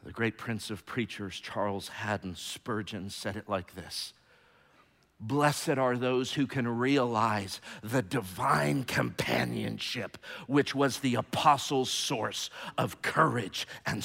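A man preaching a sermon, emphatic and repetitive, swinging from hushed tones to shouting. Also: medium pitch, slow, gravelly. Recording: long hall reverb.

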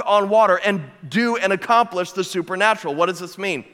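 A man's voice: high voice, fairly quick, few pauses, a bit bright. A man preaching a sermon as a pastor, emphatic, building his points with repeated phrases and rhetorical questions to the congregation. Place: church sanctuary. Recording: long hall reverb.

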